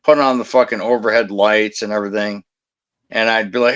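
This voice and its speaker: A man's voice: lowish voice, fairly even intonation, a little fast, a bit bright. A man who used to guard a cemetery tells blunt, profane anecdotes in casual chat. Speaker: former cemetery security guard.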